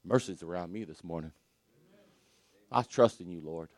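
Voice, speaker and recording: An older man preaching a sermon, animated and exclaiming with laughter and praise. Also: deep voice, moderate pace.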